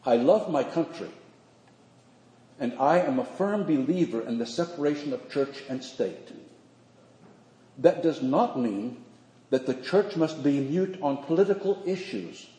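An older man, a priest, preaching a sermon in measured, earnest phrases with slow emphatic pauses. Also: a little high, lively intonation, dark tone. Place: church sanctuary. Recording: echoey church hall.

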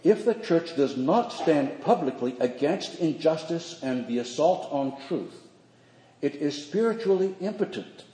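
Earnest older priest preaching in echoey church. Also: male voice, a little high, mellow. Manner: measured, earnest preaching with slow emphatic phrases. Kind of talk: sermon. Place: church sanctuary.

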